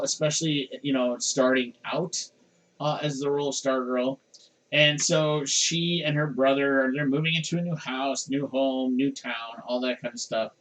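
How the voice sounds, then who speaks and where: A man's voice: medium pitch, low-quality recording. Middle-aged male podcast host, loose rambling delivery. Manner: rambling, animated, chuckles often. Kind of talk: casual chat.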